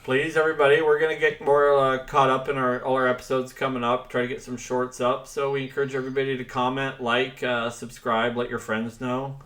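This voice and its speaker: Male co-host, bright, sharp-edged voice, casual and filler-heavy, easily amazed. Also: medium pitch, flat delivery, a little fast, hardly any pauses. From Washington State, US. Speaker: podcast co-host. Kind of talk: casual chat.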